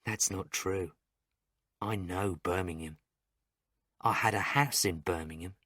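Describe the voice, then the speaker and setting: A man reads a first-person story for English learners at a slow, even pace. His short sentences are plain and carefully spaced. The sound is dry and close, with no room echo. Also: low voice. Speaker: story narrator. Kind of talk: graded reader story narration for English learners.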